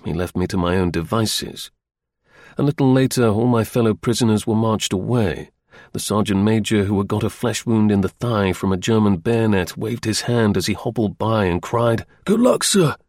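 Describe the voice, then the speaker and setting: A man reading a first-person story aloud as an audiobook narrator, in a measured, wry storytelling manner. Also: lowish voice, a little mellow, no echo, studio quality.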